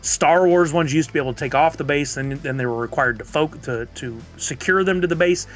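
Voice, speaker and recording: A man's voice: on the high side, a little fast, faint music behind. A man streaming live, chatting casually and answering viewers' comments. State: has the hiccups.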